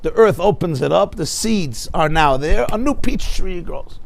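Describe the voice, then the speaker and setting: A man teaches a Torah class in a fairly high voice. He talks in an animated way, asks his listeners rhetorical questions and weaves Hebrew and Yiddish terms into his English. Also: measured pace, vocal fry.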